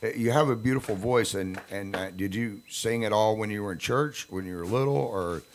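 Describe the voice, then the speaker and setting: A man's voice: on the low side, fairly quick, slight background noise. An older man hosting a radio interview, joking in a folksy, casual way. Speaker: radio show host.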